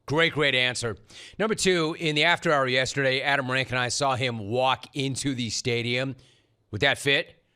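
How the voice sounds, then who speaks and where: A man's voice: mid-range voice, fairly even intonation, moderate pace, pushed and bright, clear, resonant tone. A middle-aged man hosting a sports talk show, riffing in a sarcastic, punchy monologue. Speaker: sports radio host.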